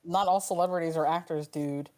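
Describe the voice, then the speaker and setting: A woman's voice: lowish voice, fairly even intonation, darkish tone. Teasing, talkative female co-host, casual podcast banter. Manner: chatty and teasing, quick asides.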